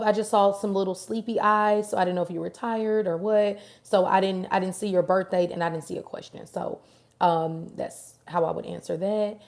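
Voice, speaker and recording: A woman giving a live-stream tarot reading, chatting casually and affectionately with viewers by name and answering their questions. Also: fairly high pitch. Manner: chatty, warm, affirming, addresses viewers directly. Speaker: tarot reader.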